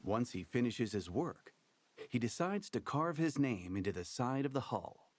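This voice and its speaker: A lively storybook game narrator. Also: male voice, medium pitch, moderate pace. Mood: storytelling. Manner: theatrical, storytelling game-master delivery. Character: wry male game master narrating a card tale. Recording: game audio with faint music underneath.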